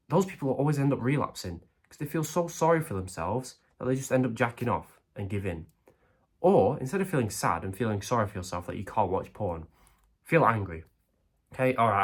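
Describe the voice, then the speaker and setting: On the low side and expressive, this young adult man's voice is brisk with a breathy edge. He gives crude, blunt self-improvement advice to camera, firing off rhetorical questions, adding "right?" and "okay?", and acting out the brain's voice in quoted asides.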